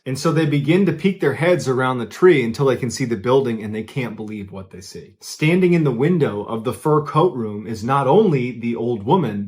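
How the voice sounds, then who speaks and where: Male host, casual storyteller, middle pitch, earnest and suspenseful. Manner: earnest, emphatic, builds suspense.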